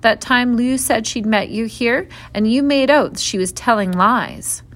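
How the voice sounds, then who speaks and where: A woman's voice: fairly high pitch, measured pace. A woman reading a storybook aloud and voicing an eager, bossy eldest schoolboy with hearty, old-fashioned exclamations.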